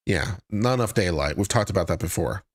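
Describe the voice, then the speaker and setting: His deep, expressive voice moves a little fast as he hosts a live stream on legal topics. He reads court filing text aloud before cutting away to make dry, sarcastic remarks.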